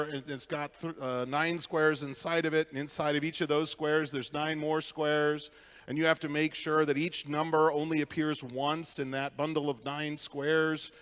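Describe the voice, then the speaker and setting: A man's voice: a little high, fairly bright tone, in a large hall. A man giving a conference keynote, telling stories in a conversational way and putting questions to the audience. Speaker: keynote speaker. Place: conference hall.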